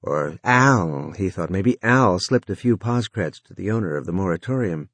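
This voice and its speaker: A man narrating a novel in a measured, expressive reading. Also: sits low, no room sound. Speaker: audiobook narrator. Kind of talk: scripted narration.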